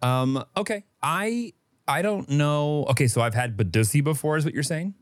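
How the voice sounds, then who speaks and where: A young man co-hosting a podcast, wry and hesitant with deadpan asides. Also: a little high, normal speed, no room sound, studio quality. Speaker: podcast co-host. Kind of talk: casual chat.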